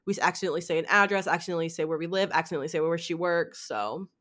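Young woman, twenties, podcast host, lowish voice, rambling, animated, swears casually. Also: racing. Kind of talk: casual chat.

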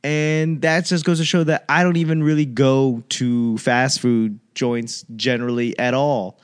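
A man's voice: medium pitch, steady tone, a little slow, clear, resonant tone. Profane rambling man on a casual rant. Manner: rambling, profane, acts out quoted voices.

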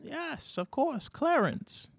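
A man voicing a senile, ancient old man who rambles in a wavering high voice. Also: very animated, takes it slowly, gravelly, fairly bright tone, no room sound, exaggerated voice. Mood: doddering.

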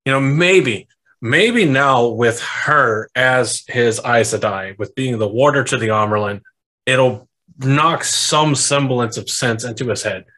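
A man in a loose podcast chat, his voice sitting in a middle pitch as he swears and jokes his way through a plot recap. He drops in snappy mock voices for the characters, keeping the talk rolling. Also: sharp tone. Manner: profane, riffing, breaks into quick character voices. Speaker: podcast co-host. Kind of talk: casual comedic book chat.

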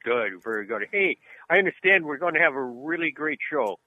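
A man's voice: on the high side, animated, brisk. A man co-hosting a casual podcast chat over the phone, chatty and rambling through anecdotes. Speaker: co-host. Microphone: phone line. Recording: tinny phone line.

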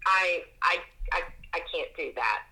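A woman's voice: on the low side, animated, measured pace, pushed and bright, slightly rough, rough recording. A woman co-hosting a podcast in casual chat, speaking in a reflective, thoughtful way. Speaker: podcast co-host.

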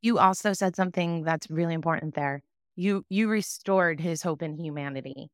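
Earnest low-voiced woman host. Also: moderate pace, dry recording, clean studio sound. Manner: earnest, emphatic repetition. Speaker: podcast host. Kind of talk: casual interview chat.

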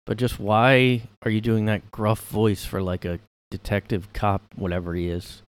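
A man with a fairly low voice hosts a solo podcast from his room. He rambles in a casual, sarcastic way, piling on fillers and the occasional swear. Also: level tone, moderate pace, clean tone. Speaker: podcast host.

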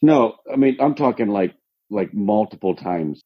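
A man's voice: on the low side, expressive, measured pace, breathy edge, no echo, lo-fi sound. A man speaking frankly in casual chat, rambling and restarting his sentences.

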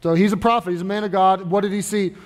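A man with a high voice preaches a sermon in an earnest, conversational way and repeats phrases for emphasis. His words ring out with a long reverb that trails through a large church hall. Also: steady tone, quick pace. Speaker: pastor. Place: church sanctuary.

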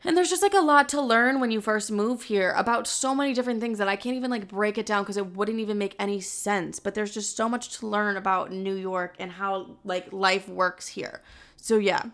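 A woman's voice: mid-range voice, steady tone, moderate pace, a bit bright. A woman in her twenties chatting candidly as a vlogger, full of filler words and casual swearing. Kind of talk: casual chat.

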